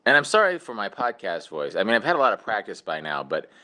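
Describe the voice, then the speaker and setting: A man voicing a dead male podcast host in a mock-solemn, deadpan announcer delivery. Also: on the low side, fast talker, heavily acted.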